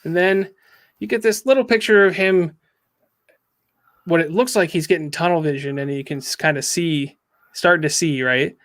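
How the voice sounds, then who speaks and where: Male host, slightly high voice, casual recap style, acts out the quotes. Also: normal speed, long pauses, a bit bright. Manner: recaps a story and acts out the quotes, with frequent ums. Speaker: comic book reviewer. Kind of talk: casual podcast chat.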